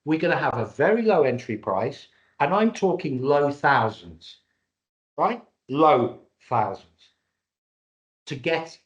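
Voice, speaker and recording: A man from Cyprus and Britain presenting a live webinar over a video call, jokey and salesman-like. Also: mid-range voice. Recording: dull lo-fi webinar audio.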